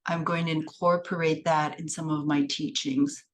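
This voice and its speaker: A woman's voice: low voice, flat delivery, moderate pace. A woman in a meditation group thanking the host, speaking appreciatively with hesitant restarts. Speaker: participant and teacher.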